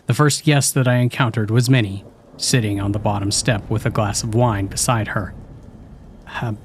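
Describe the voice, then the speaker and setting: A man reads a horror story aloud in a steady, scripted narration. His voice sits somewhat low, and his delivery stays even as he tells the story. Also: a little hiss or hum.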